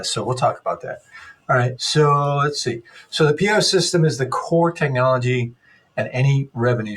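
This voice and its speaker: A man's voice: medium pitch, husky. A middle-aged man giving an unscripted lecture as an instructor, rambling and correcting himself as he goes, with dry sarcastic asides.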